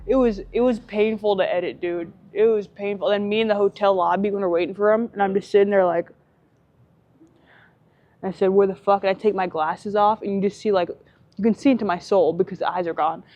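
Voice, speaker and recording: A woman's voice: mid-range voice, steady tone, a little fast, muffled recording. A young woman bodybuilder chatting in a gym vlog, rambling with lots of "like" and "bro" and free swearing. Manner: rambling, swears freely, says "like" and "bro" often. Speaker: bodybuilder vlogger. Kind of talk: casual gym vlog chat.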